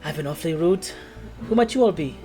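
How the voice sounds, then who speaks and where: A proper, guarded librarian woman speaks in a polite, formal tone with a curt edge, as a man puts her on for a tabletop game. The voice sits a little high. Guitar music plays clearly behind her. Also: expressive, fast, dark tone.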